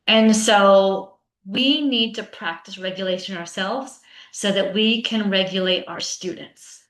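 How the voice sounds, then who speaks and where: Bright-voiced woman presenter, roomy sound. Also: mid-range voice, unhurried. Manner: conversational, often adds "right?" for agreement. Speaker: teacher coach and presenter. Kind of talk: conference talk to teachers. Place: online session with a chat. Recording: roomy echo.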